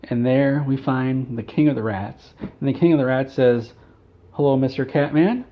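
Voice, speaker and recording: Casting: male comic storyteller, deadpan and rambling, mid-range voice, slightly muffled lo-fi recording. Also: mid-range voice, moderate pace. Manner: rambling, deadpan delivery of absurd events. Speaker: vlogger telling an absurd story.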